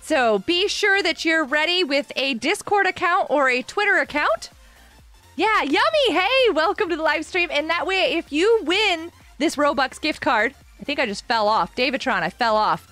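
A woman's voice: sits high, very animated, normal speed, sharp tone. A woman game streamer chatting casually on a live stream and greeting viewers by name. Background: faint background music.

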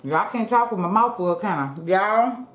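Woman mukbang host, mid-pitched, casual home chatter, echoey room. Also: lively intonation, unhurried. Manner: chatty, keeps addressing viewers as y'all. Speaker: mukbang vlogger. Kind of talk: casual eating-show chat. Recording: roomy echo.

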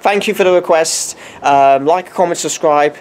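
Man, amateur weather forecaster, put-on American accent, rambling delivery, self-correcting restarts, slightly high voice. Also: moderate pace, a little mellow, slight background noise.

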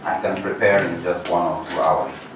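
Male lecturer, lowish voice, measured and explanatory, recorded from far off in a reverberant hall. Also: noisy background. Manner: measured, explanatory, rhetorical questions. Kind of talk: introductory lecture. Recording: echoey hall, mic far off.

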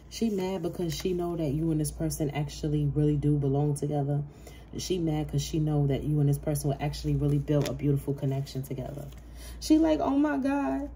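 A woman gives a tarot reading in a brash, profane and emphatic way. Her voice sits low and sounds deeply mellow. A faint hiss runs under the recording. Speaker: tarot reader.

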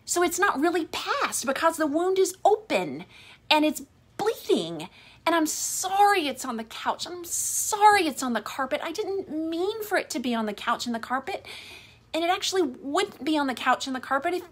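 A woman's voice: high voice, sing-song, moderate pace, voice pushed up. A woman voicing a wounded adult wife who anxiously apologizes over and over. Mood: apologetic.

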